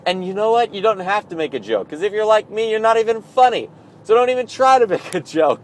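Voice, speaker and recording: A man's voice: high voice, sing-song, brisk. A man recording an audio blog, talking through his thoughts in a playful, self-mocking, rambling way. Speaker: audio blogger. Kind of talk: casual spoken reflection.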